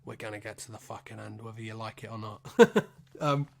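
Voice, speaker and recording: A man's voice: fairly low pitch, fairly quick, creaky. A man hosting a solo podcast, recapping a film in a loose, rambling way, swearing freely and making self-deprecating asides. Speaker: podcast host.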